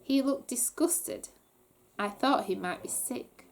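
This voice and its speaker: A woman reading a children's book aloud with animated storytelling. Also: on the high side, takes it slowly. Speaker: reader.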